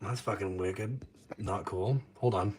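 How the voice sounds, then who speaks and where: A man's voice: lowish voice, slow. A man ranting on his live stream, crude and mocking, swearing constantly. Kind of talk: casual profane rant on a live stream.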